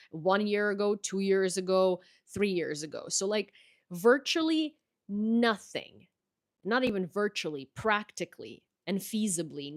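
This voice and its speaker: A woman from Ukraine with an American accent, hosting a casual political commentary livestream in a blunt, sarcastic, profane way. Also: mid-range voice. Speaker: livestream host.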